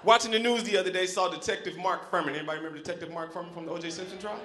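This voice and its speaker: A man from South Central Los Angeles doing a loud, animated stand-up set, acting out characters. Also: high voice, rapid-fire, echoey room. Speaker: stand-up comedian. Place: comedy club stage. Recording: live club crowd noise. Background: laughing club audience.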